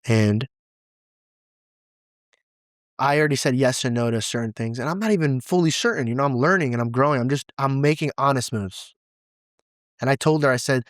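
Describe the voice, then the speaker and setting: A young man gives an open, emotional interview as the guest, his words pouring out in loose casual slang. His voice sits at a middling pitch and sounds dry and close, with no room around it. He talks with real feeling and is near tears at times. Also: fast talker, dry recording. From Assyrian heritage, grew up in a church. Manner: animated and expressive, says "dude" and "bro" a lot. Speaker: podcast guest. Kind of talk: emotional, candid interview talk.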